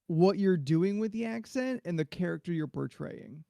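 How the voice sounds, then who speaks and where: Podcast co-host, male, gravelly, a bit high, rambling chat. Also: animated, normal speed, warm tone, no echo. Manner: rambling, restarts often.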